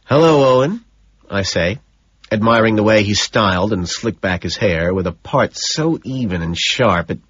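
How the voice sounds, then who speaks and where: Male first-person audiobook narrator, measured and detached; husky voice, dull lo-fi recording. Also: fairly low pitch, fairly bright tone, no room sound.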